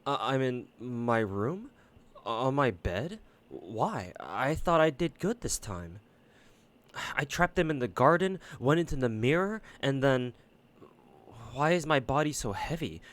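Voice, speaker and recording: A man's voice: medium pitch, very animated, a little slow, a bit bright. A man voicing a spoiled, cruel young fairy princess who is insecure and pleading, reading aloud from a game. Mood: confused.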